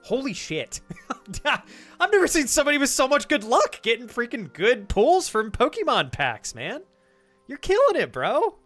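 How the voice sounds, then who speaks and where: A male streamer talks to his chat in a fairly high, bouncing voice that jumps up whenever he gets excited. He stays casual and hyped, dropping swear words freely. Soft music plays faintly behind him.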